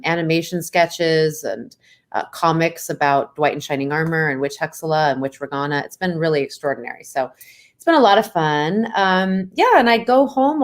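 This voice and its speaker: A woman chatting playfully with fans on a video call, as the host of the event. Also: lowish voice. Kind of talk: casual video call chat.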